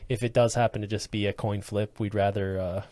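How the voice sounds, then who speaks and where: Reflective low-voiced man on a podcast. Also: steady tone, fairly quick, warm tone, dry recording. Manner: reflective, lots of fillers. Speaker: podcast co-host. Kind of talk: casual chat.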